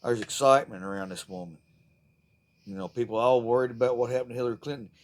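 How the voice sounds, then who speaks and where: A man's voice: mid-range voice, steady tone, fast. A man delivering a profane, fired-up, rambling political rant to the camera. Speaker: vlogger.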